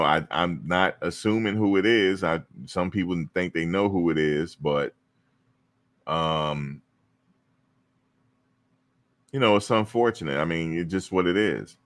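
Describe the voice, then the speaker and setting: Man, very low voice, live-stream host, casual and teasing, animated. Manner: animated, teasing, talks to viewers and chat. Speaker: show host.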